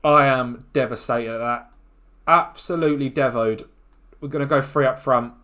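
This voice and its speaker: A man commentating on his own football management game, excitable and quick to groan and shout at the action. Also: mid-range voice. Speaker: gaming YouTuber.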